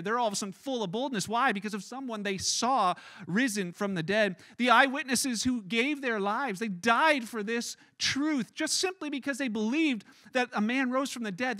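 A man preaching a sermon as pastor in a church, animated and conversational, acting out scenes as he tells them. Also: extremely high pitch, no echo.

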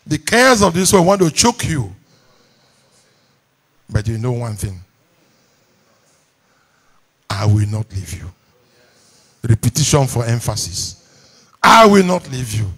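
A man's voice: mid-range voice, lively intonation, slow pace, long pauses, breathy edge. A man with a Nigerian English accent, preaching a sermon from a church pulpit, calling on the congregation to repeat lines back to him. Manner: call-and-response preaching, repeats lines for emphasis. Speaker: pastor. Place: church hall.

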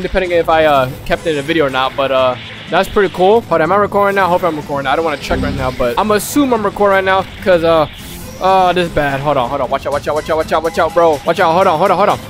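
A young man casually commentating his own gameplay, excitable and full of rapid repeated callouts. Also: on the high side. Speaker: gaming YouTuber.

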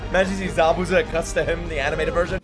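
A man hosting a reaction video, excitable, laughing often and swearing freely as he comments. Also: a little high. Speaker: reaction channel host.

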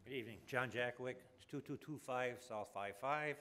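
A man's voice: medium pitch, moderate pace, a bit bright. A man giving public comment at a city meeting, hesitant with many uhs and grumbling. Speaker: resident speaking at public hearing.

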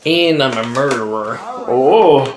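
A man's voice: mid-range voice, slow pace. A man co-hosting a casual comedy chat, trading dry jokes. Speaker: podcast co-host.

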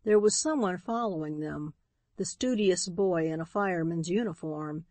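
A woman narrating an audiobook in a steady, even storytelling read. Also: fairly low pitch, moderate pace, no echo. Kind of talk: scripted narration.

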